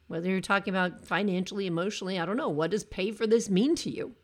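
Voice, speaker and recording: A woman's voice: medium pitch, fast, hardly any pauses. A woman coaching cancer survivors in an earnest motivational talk, often acting out her clients' words.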